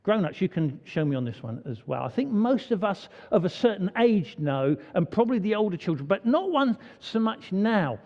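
A man's voice: high-pitched, sing-song, moderate pace, few pauses. A man leading an all-age church service, chatty and full of questions for the children. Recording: dull, echoey church hall recording.

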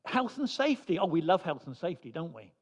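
A man preaching a sermon in a church, building slow emphatic phrases and dropping suddenly soft. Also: on the high side, sing-song, breathy edge, in a large hall. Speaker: pastor.

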